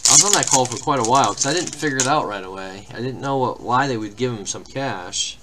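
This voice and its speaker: A man's voice: medium pitch, expressive, fast talker, noisy background. A man hosting a live card-break stream, chatting casually in rambling anecdotes and reading out lists of names and teams. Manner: rambling anecdotes, then listing name-team pairs.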